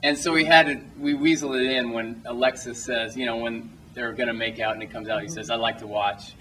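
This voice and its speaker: After a film screening in a cinema auditorium, a young man takes questions from a small audience. His medium-pitched voice is steady, a little fast, bright and forceful, caught on a distant mic in a low-quality recording with a little hiss or hum. He rambles, telling loose stories, restarting sentences, cutting himself off and laughing often.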